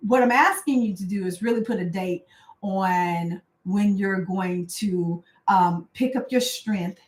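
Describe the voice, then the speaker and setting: A woman life coach giving a casual, conversational motivational talk, often checking in with "right?" and "y'all". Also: medium pitch. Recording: roomy echo.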